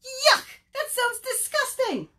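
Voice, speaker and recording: A woman voicing a hungry, fussy, demanding little male bird with a shrill, squawking voice in a storybook read-aloud for children. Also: sing-song, slow pace, fairly bright tone, heavily acted. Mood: frantic.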